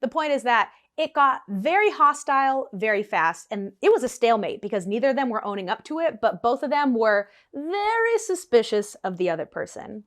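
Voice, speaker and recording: Animated young woman telling a story. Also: on the high side, moderate pace, few pauses. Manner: animated, laughs often. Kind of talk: storytime vlog.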